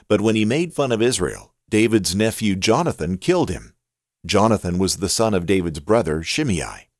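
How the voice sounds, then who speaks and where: A man reading Bible passages aloud in a steady, measured narration. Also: fairly low pitch, no room sound, studio quality. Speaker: scripture reader.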